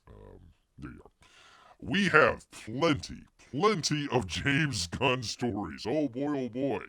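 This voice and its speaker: A man's voice: medium pitch, huge pitch swings, takes it slowly, bright, forceful tone, dry recording, studio quality. A man hosting a casual livestream, rambling and jokey as he reads news and chat, calling himself Bear. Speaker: livestream host.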